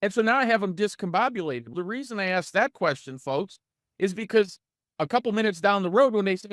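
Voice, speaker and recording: A middle-aged man coaching real estate agents in a live online training session, energetic and full of rhetorical questions to his audience. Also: high voice, a little fast, no room sound, studio quality.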